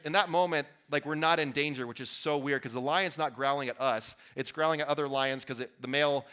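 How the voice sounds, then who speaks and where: A man's voice: fairly high pitch, pushed and bright, clear, resonant tone. A man giving an earnest, conversational motivational talk to a live audience as a workshop speaker, with restarts and asides to the crowd. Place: event venue before an audience.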